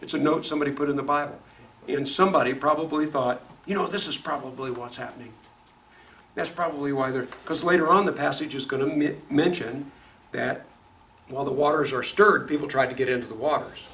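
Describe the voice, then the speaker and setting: A man with a Midwestern accent teaches a Bible class, asking his students questions and laughing along with them. His voice sits fairly high. It is recorded from across an echoey room, with faint noise behind it. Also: quick pace. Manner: lively, asks the class questions, laughs often. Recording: echoey classroom from far off, noisy.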